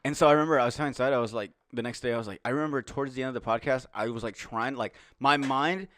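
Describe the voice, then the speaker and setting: A young man co-hosting a casual podcast, rambling with loose slang and quick restarts. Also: mid-range voice, a bit bright, no echo. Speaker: podcast co-host. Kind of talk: casual chat.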